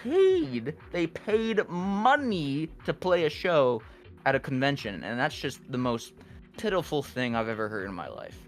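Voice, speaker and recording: A man's voice: on the high side, big pitch swings, a little slow. A young man, a guest music producer, chatting candidly on a podcast and rambling with lots of fillers. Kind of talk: casual podcast chat.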